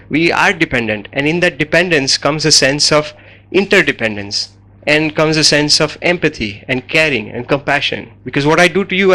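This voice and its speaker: Casting note: man, guest lecturer, bright forceful tone, chatty story-driven delivery with everyday fillers. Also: a little high, poor audio. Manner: conversational, anecdotal, frequent fillers.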